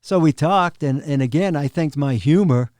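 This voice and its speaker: A man's voice: fairly high pitch, moderate pace, darkish tone, no echo, studio quality. A middle-aged man, a podcast guest telling easygoing, humorous anecdotes. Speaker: guest, drum tech. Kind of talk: casual interview chat.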